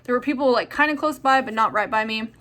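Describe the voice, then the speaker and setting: Young woman vlogging, chatty and rambly, kinda high and really bright sounding. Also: quick pace. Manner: chatty, rambling, lots of fillers. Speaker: vlogger answering viewer questions. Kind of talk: casual chat.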